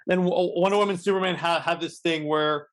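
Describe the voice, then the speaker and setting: A man's voice: a little high, fairly even intonation, fast talker, fairly bright tone. A man co-hosting a podcast, casually recapping a comic with many restarts and acted-out quotes. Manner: rambling, many restarts, acts out lines. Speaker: podcast co-host.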